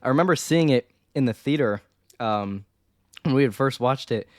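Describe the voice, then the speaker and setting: A man's voice: medium pitch, moderate pace, no echo. Young guy ranting about a movie, dry mic. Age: young adult. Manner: animated, jokey, talks over others. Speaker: movie reviewer co-host. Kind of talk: casual chat.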